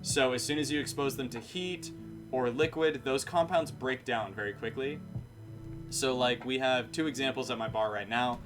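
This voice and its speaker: Dude streaming late, flat matter-of-fact delivery, guitar music going behind him. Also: male voice, mid-range voice, normal speed. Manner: matter-of-fact, falling inflections; rambling, self-correcting. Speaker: streamer and bartender. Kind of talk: casual live-stream chat.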